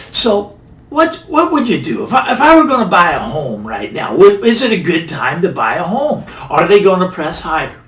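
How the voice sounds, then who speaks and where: A man's voice: fairly high pitch, sing-song, moderate pace, a bit bright, slight background noise. Middle-aged male host, emphatic and repetitive, echoey room, faint background ambience. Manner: emphatic, repeats phrases for effect. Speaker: finance channel host. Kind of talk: casual monologue commentary. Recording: roomy, mic a bit distant, faint ambience.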